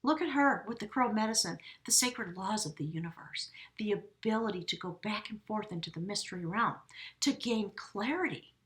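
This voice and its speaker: With lively intonation, a moderate pace and a medium, somewhat bright voice, a woman delivers an informal tarot reading. She gushes and wanders, speaks right to her audience, and often fixes her wording mid-sentence.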